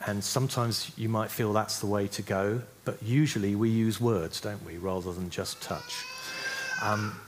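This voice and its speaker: A man's voice: fairly low pitch, steady tone, a little slow. A man teaching a church group how to pray for healing, speaking conversationally and often checking in with "yeah?". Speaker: preacher teaching on healing prayer.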